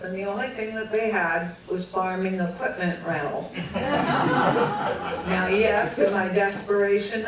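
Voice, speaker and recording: A middle-aged woman from California telling her own story to an audience, animated, acting out the voices of the people she quotes and laughing along the way. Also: mid-range voice, slight background noise. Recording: echoey hall, mic from a distance.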